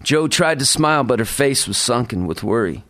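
A man's voice: mid-range voice, expressive, normal speed, sharp tone. A man reading a story aloud to a live audience, with casual, joking asides. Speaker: reader.

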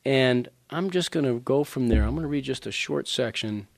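A man's voice: medium pitch, moderate pace, gravelly. A man in his sixties, from Louisiana, talking casually to an audience and reading aloud from his own book, with digressive asides. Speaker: author at a reading.

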